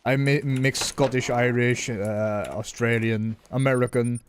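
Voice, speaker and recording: A young man at a middle pitch chats easily with his viewers as he plays a game. He rambles and muses aloud in a loose, conversational flow. A faint background noise sits under his voice. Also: fairly even intonation, unhurried. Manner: rambling and conversational, musing aloud while playing. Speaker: gaming streamer. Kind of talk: casual gameplay commentary chatting with viewers.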